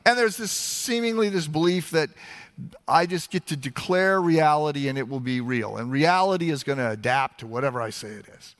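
A man's voice: fairly high pitch, animated, a little fast, big-room sound. A man preaching a sermon in a conversational, emphatic way, often restarting his phrases. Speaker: pastor.

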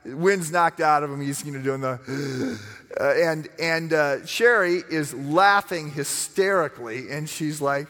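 A middle-aged man preaching a sermon, telling stories with lively acted-out voices. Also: a little high, unhurried, big-room sound. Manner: animated storytelling, acts out voices. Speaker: pastor.

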